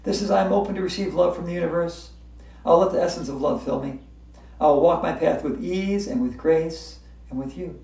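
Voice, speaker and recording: A woman's voice: lowish voice, normal speed, vocal fry, warm tone. A woman teaching a yoga class, upbeat, chanting repeated breathing cues and breaking into laughter. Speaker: yoga instructor. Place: hotel room. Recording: echoey room, voice from far off.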